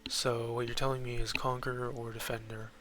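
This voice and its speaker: A young man talks through a video game at his desk mic in a bright, clear voice. He rambles and second-guesses himself, and drops into quiet muttered asides, with faint game sounds behind him. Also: medium pitch, little pitch movement, fairly quick, slight background noise. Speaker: gaming YouTuber. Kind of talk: casual let's-play commentary.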